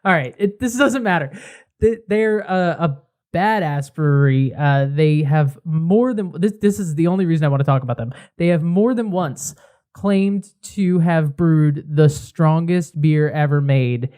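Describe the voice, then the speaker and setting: A man co-hosting a casual podcast, telling a story with animated build-ups. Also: a little high, a little slow, clean tone. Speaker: podcast co-host.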